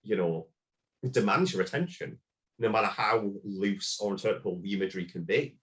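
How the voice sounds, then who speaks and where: A man's voice: lowish voice, brisk, a bit bright. A man as a podcast guest, talking about a film and album in a casual, rambling way with lots of fillers.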